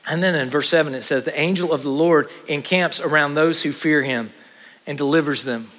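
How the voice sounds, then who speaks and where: A man preaching a sermon with dynamic delivery, rising to loud exclamations and dropping to hushed asides. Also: a little high, moderate pace. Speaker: pastor. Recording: long hall reverb.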